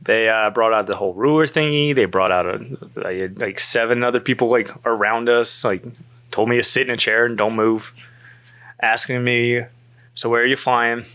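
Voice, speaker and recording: A man's voice: medium pitch, normal speed, clean tone. A man telling a story in casual chat, acting out the voices of the people in it and laughing often. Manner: animated, acts out quoted dialogue, laughs often. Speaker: storyteller guest.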